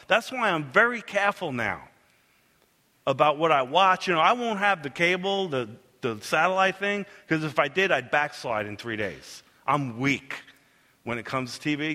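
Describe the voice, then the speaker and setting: Male pastor, middle-aged, preaching a sermon, lively storytelling, slightly high voice, long hall echo. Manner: animated storytelling, acts out quotes. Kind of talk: sermon with personal stories.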